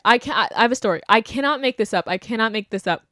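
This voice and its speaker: A woman's voice: on the high side, animated, quick pace, fairly bright tone, no room sound, clean studio sound. A young woman hosting a podcast, talking bluntly and animatedly in casual opinion chat, mocking the people she quotes. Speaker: podcast host.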